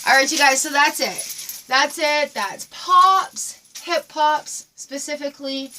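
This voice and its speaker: An encouraging woman dance teacher leads a home lesson, calling out counts and cues while she moves. Her voice sits a touch high, a little breathless, and it reaches the mic from across the room. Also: slow pace, bright, forceful tone, far from the mic. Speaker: dance instructor. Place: room at home with a squeaky floor.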